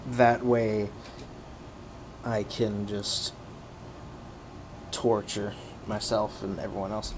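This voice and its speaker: A man's voice: on the low side, flat delivery, slow, pauses often, noisy background. Tired man rambling while streaming. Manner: rambling, self-talking, restarts. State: tired, yawning. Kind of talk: casual solo stream commentary.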